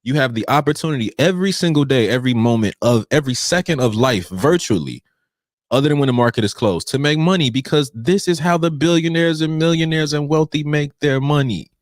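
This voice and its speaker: A man's voice: a little high, fairly quick, dry recording, studio quality. A man hosting a live pre-market trading stream, talking straight to his viewers with playful, preachy energy. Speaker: trading show host.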